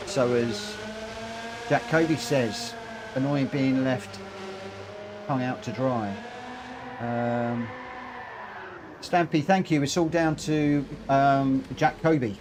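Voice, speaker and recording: A man's voice: medium pitch, takes it slowly, pauses often, background noise. A man streaming a racing game, reading chat aloud and chatting with lots of fillers, a little short of breath. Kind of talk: live stream commentary.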